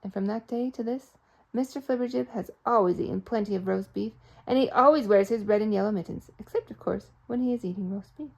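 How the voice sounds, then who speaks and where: A woman reading a children's storybook aloud, expressive and playful with sound effects. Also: mid-range voice, fast talker, vocal fry, lo-fi sound. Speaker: storybook reader.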